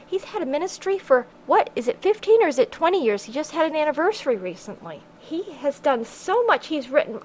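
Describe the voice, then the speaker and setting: A woman's voice: on the high side, a little hiss or hum, poor audio. Earnest woman preaching on a podcast. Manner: earnest, preachy, quotes scripture in King James wording. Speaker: podcast host. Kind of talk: religious podcast monologue.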